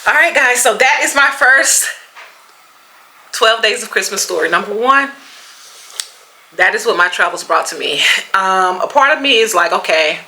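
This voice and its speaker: Southern woman vlogger, bright forceful voice, lively storyteller. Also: medium pitch, normal speed, pauses often, a little hiss or hum, rough recording. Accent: Southern American. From Mississippi, USA. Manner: animated storyteller, acts out quotes, laughs often. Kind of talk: storytime vlog.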